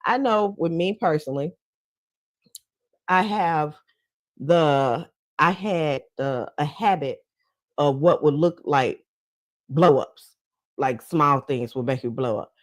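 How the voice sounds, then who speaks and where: A woman's voice: sits low, slow, pauses often, no room sound. A woman giving casual commentary in a blunt, profane, chatty way, often breaking into laughs. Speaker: commentary vlogger.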